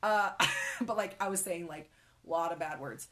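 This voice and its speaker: A young woman with a slightly low voice tells a personal story in an unscripted interview. She speaks in halting bursts full of fillers and often sinks to a near whisper. Her delivery is heartfelt and conversational. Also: very noisy. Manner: emotional, halting, many fillers, drops to a whisper. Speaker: guest sharing her faith story.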